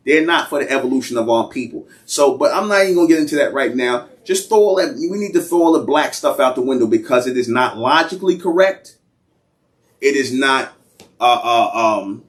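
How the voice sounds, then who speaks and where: A man hosting his own show, delivering an emphatic, lecturing monologue to camera and repeating his points. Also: mid-range voice. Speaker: radio show host.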